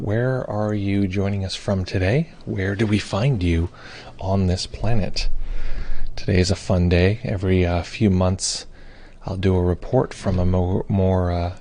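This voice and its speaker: A man with a low, dark-toned voice hosts a meditation live stream from a home or studio in Brooklyn. He chats casually, greets viewers and reads their comments aloud, using lots of fillers.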